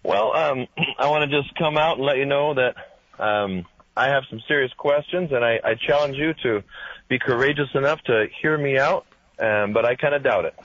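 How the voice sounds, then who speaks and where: A man's voice: mid-range voice, normal speed, a bit bright, dry recording. A man calling in to a talk radio show, challenging the host with hesitant fillers. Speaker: caller. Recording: dull phone-in line.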